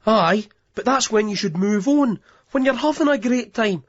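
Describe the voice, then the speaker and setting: Cocky party-goer, voiced by a male reader, husky, lo-fi. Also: high-pitched, animated, normal speed, dry recording, voice pushed up. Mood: cheeky. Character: cocky Scottish man, older party-goer. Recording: dull lo-fi audiobook.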